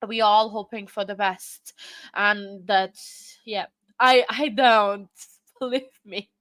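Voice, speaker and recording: A woman hosting a casual livestream, tearful and laughing as she thanks her viewers, halting and repeating herself. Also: mid-range voice, fairly even intonation, fairly bright tone, no echo. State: crying. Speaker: livestream host.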